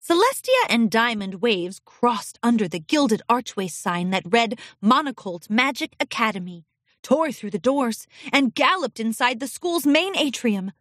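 Animated woman reading a storybook. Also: on the high side, measured pace, dry recording, clean studio sound. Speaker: narrator. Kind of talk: storybook narration.

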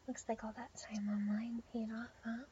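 A young woman in a whispered role-play, speaking in a soft, teasing whisper with breathy murmurs. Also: fairly high pitch, flat delivery, unhurried. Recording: dull lo-fi audio with faint background hiss.

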